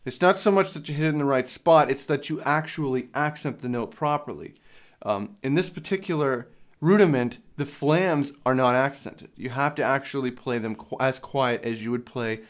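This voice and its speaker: A man's voice: medium pitch, normal speed. A young man teaching a drum lesson, explaining each step plainly, with some fillers along the way. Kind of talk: instructional lesson. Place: drum studio. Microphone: handheld field recorder.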